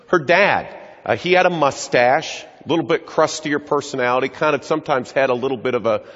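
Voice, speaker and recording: A man's voice: medium pitch, a little fast, fairly bright tone. A middle-aged man giving an earnest storytelling talk to an audience in a large hall. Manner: earnest, acts out quoted voices. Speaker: speaker addressing an audience. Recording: echoey hall, dull lo-fi sound.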